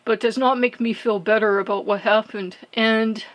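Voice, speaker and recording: A woman hosting her own spiritual channel, retelling a religious story in a halting way, full of fillers and restarts. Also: on the high side, steady tone, rough recording. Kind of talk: devotional storytelling vlog.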